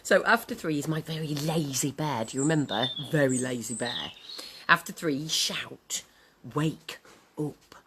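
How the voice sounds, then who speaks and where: A woman's voice: sits low, normal speed. A woman hosting a children's show, playful and sing-song. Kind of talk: animated children's show presenting. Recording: noisy home recording.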